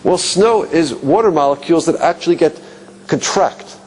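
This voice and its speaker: A man teaching a class, asking rhetorical questions and musing aloud, dropping low and quiet on key points. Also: moderate pace, a little hiss or hum. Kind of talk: classroom lecture.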